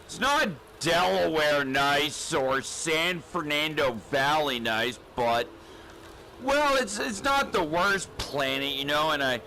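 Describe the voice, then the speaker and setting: A man's voice: fairly high pitch, sing-song, slow, creaky, sharp tone, a little hiss or hum, heavily acted, poor audio. A man playing a timid, whiny recruit in a comedy spoof, stammering and pleading nervously.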